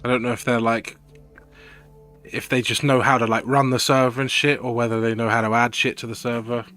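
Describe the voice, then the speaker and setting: Young man, game streamer, casual chat, laid-back and sweary, bright forceful voice. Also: mid-range voice, flat delivery, a little fast, soft background music.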